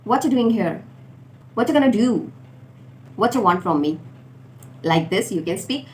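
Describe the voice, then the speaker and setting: A woman teaching informal contractions, repeating each word slowly for learners. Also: medium pitch, lively intonation, a little mellow. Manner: slow, deliberate drilling of words. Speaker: English teacher. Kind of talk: spoken English lesson for learners. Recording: faint background noise.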